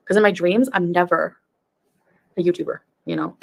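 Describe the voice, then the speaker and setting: A woman's voice: fairly low pitch, moderate pace, gravelly, long pauses, darkish tone. A woman in her thirties, a YouTube reaction streamer, chatting casually on a livestream in a rambling way and laughing often. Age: 30s.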